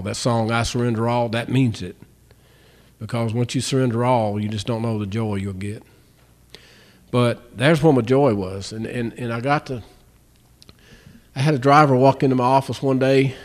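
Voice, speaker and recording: Man telling a faith testimony. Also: medium pitch. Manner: storytelling, acts out both sides of dialogues. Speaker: Christian testimony speaker. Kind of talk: spoken testimony.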